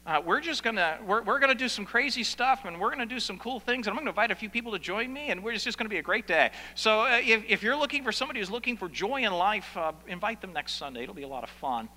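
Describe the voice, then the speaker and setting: A man preaching a sermon as the pastor of his church, with an animated delivery that stretches out key words and pauses for effect. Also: high-pitched, in a large hall, low-quality recording.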